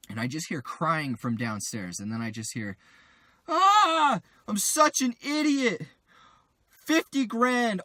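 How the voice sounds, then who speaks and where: A man's voice: fairly high pitch, sharp tone, no room sound. A young man vlogging about crypto trading, telling a personal story in a rambling, confessional way. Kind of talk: casual storytelling vlog.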